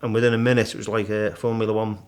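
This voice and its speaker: A middle-aged man, a guest in a casual interview, vividly retelling his climb and acting out the shouts and thoughts along the way. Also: fairly low pitch, rapid-fire. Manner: animated storyteller, acts out his own shouts and thoughts. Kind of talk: storytelling in casual conversation.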